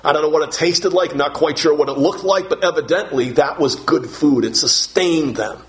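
Emphatic preacher, man, slightly high voice. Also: normal speed. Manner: emphatic, piling up synonyms, rising to shouts on key words; asks the congregation questions. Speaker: pastor. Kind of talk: sermon.

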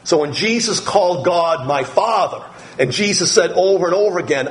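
The speaker is a middle-aged pastor giving a sermon on scripture, his somewhat high voice carrying lively intonation. His pace is slow and deliberate, full of pauses and small fillers, over a rough recording.

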